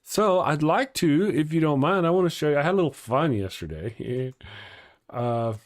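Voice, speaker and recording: A man's voice: on the high side, animated, normal speed. Chatty joking man hosting a livestream. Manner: chatty and joking, laughs often, restarts words. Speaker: host of a live morning show. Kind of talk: casual livestream chat reading viewer comments.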